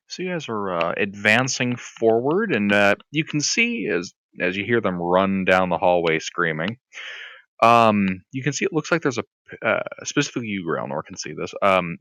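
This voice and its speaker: A man narrating a tabletop game as game master, animated and descriptive. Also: on the low side, no echo. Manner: lively, animated narration with sudden shrieks.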